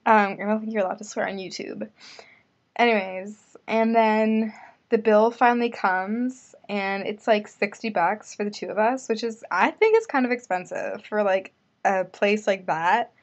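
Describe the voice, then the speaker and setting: A woman's voice: medium pitch, moderate pace, lo-fi sound. A young woman telling a casual vlog story, chatty and full of "like" fillers. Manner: chatty, filler-heavy with lots of "like". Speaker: vlogger.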